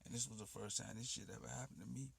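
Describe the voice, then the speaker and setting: A man's voice: medium pitch, steady tone, fast talker, vocal fry, slightly rough. A man telling a personal story in loose, rambling street slang with frequent asides. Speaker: poet and channel host.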